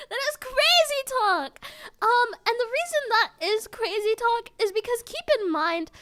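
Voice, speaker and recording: Giggly high-voiced woman streamer. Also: sharp tone. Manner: giggly, self-mocking, jokey rambling. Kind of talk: casual stream chat.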